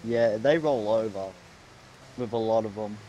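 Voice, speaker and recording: A man's voice: lowish voice, measured pace, dark tone, muffled recording. A man chatting casually as a co-player during a racing game, dry and teasing. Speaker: co-player in party chat. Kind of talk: casual gaming chat.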